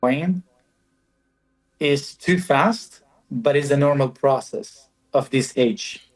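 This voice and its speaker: A man speaking as a guest in a calm, measured, reflective conversation. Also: medium pitch, low-quality recording.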